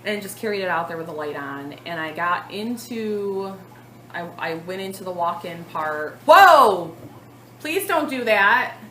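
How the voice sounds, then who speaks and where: A woman in her thirties telling a long story to the camera in a casual vlog, chatty and animated, with lots of fillers. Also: on the low side, normal speed, roomy sound, slight background noise, low-quality recording. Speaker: cross-stitch vlogger.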